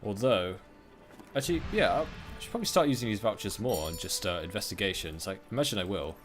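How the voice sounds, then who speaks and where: A man's voice: lowish voice, animated, fast talker, over music. A man hosting a let's-play, chatting casually over his gameplay with plenty of fillers and restarts. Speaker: gaming let's-play host. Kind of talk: casual game commentary.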